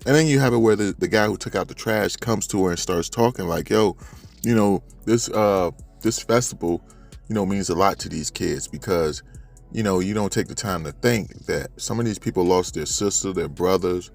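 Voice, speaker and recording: This is a man with a fairly low voice, running through a manga chapter in loose, slangy talk and addressing his viewers directly. Faint music plays underneath him. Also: normal speed, vocal fry. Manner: animated, slangy, talks straight to viewers. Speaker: manga reviewer. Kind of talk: casual chapter recap.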